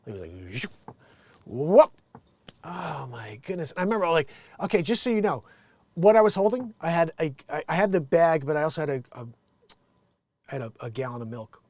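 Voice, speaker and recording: Rambling host from New Jersey. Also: male voice, fairly high pitch, fast, no room sound. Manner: rambling, many restarts, animated swings. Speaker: show host. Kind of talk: casual commentary.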